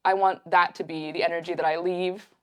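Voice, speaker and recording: A young woman guest on a podcast, telling stories in a casual, animated way with lots of fillers. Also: fairly low pitch, brisk, clear, resonant tone. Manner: animated, acts out quotes, many fillers. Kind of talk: casual storytelling.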